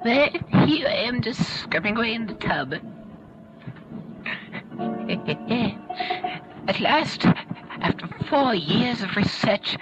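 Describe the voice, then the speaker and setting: A man voicing an excitable, boastful clerk who fancies himself a great detective, in an amateur tape radio play. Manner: giggly, boastful, squeaky. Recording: lo-fi home tape with music.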